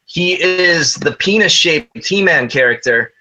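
A man's voice: on the high side, lively intonation, takes it slowly, pushed and bright, lo-fi sound, faint music behind. A man co-hosting a podcast, joking and cursing in casual banter. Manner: joking, profane, teasing. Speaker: podcast co-host.

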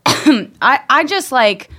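A woman's voice: high voice, very animated, drawn-out words, pushed and bright. A woman in casual chat, telling a story with lots of restarts and swearing.

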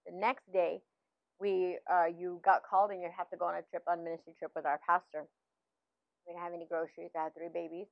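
A middle-aged woman, a minister's wife, telling a personal faith testimony in casual talk, animated, with many fillers and restarts. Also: on the low side, fast, gravelly, no room sound. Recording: dull, slightly lo-fi, dry sound.

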